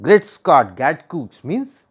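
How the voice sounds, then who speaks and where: An Indian English man teaches a poem line by line, going back over each point in new words. His voice sits a little high and rises and falls a great deal. He often stops to ask the listener a question. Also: sing-song, slow pace, slightly rough. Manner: repeats and rephrases points, asks the listener questions.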